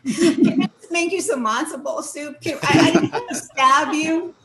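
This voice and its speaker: A woman voicing her own guilt-ridden side as a frantic, gushing apologizer, high-pitched and loud. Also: normal speed, roomy sound, heavy background noise, natural voice. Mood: pleading.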